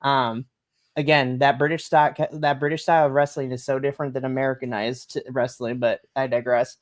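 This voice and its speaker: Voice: mid-range voice, flat delivery, brisk. An enthusiastic podcast co-host recapping wrestling in a rambling, giggly casual chat on a home stream mic. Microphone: home mic on a live stream.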